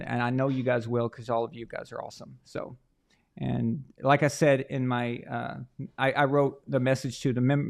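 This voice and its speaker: A man's voice: mid-range voice, vocal fry. Chatty male live stream host. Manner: chatty, rambling with frequent restarts. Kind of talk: casual live stream chat.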